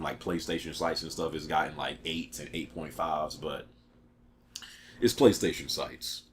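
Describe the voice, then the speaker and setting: A man's voice: low-pitched, a little hiss or hum. A man giving a casual, chatty video game review, talking animatedly with lots of fillers, restarts and laughs.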